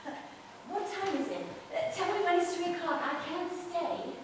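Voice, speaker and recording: A woman's voice: very high voice, animated, normal speed, background noise. A woman playing a flustered, nervous married mother. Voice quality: flustered, stammering, fretful. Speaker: amateur stage actress. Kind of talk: live amateur stage play. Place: theatre stage. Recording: far-off echoey hall stage recording.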